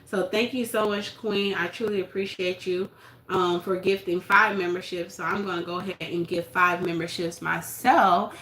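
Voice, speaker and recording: A woman hosting a casual livestream, telling stories with animated acted-out quotes; she coaches youth basketball. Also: lowish voice, moderate pace, roomy sound, slight background noise. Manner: animated storytelling, acts out quotes. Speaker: livestream host.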